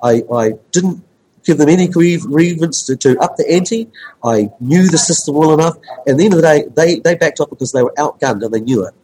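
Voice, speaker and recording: A journalist man in casual chat, telling a story with lively animation. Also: a little high, a little fast, breathy edge, low-quality recording.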